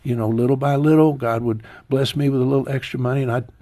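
A man in his sixties, a guest in an interview, telling a heartfelt personal story slowly, his voice falling low and soft at painful moments. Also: fairly even intonation, no echo.

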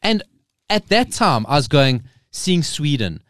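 This is a man in his forties talking football on a podcast. His voice sits a little high and moves a lot, and he tells his story with emphatic repeats. The sound is close and dry. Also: very animated, a little slow, a bit bright, no room sound. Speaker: podcast guest. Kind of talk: casual chat.

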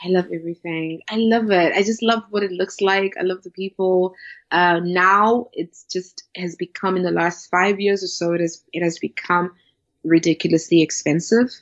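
A woman with a lowish, gravelly voice, chatting casually and with emphatic enthusiasm. Her tone is husky, and the recording sounds dull and lo-fi. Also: steady tone, normal speed. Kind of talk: casual chat.

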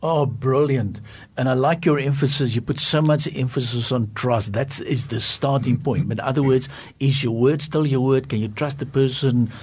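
A man with a husky, slightly breathy voice hosts a talk program and eagerly puts questions to his guests. He is quick to cheer their answers before moving the discussion along. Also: mid-range voice, darkish tone. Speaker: program host. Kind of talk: hosted Christian leadership discussion.

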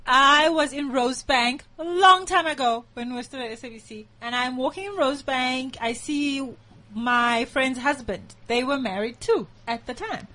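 A woman with a South African accent, a guest on a talk show, telling a story in a lively way and acting out the dialogue. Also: high-pitched, moderate pace. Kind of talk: casual chat, telling a story.

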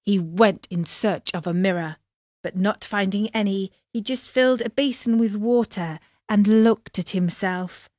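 Female storybook narrator: slow, expressive, talks to the children, dry close mic. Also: medium pitch, no echo. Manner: expressive, addresses young readers. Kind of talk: storybook reading.

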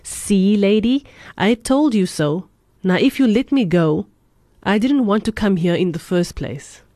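A woman voicing a gruff, bitter homeless old man who growls and answers with sarcasm. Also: mid-range voice, expressive, unhurried, warm tone, dry recording, clean studio sound, natural voice. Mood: mocking.

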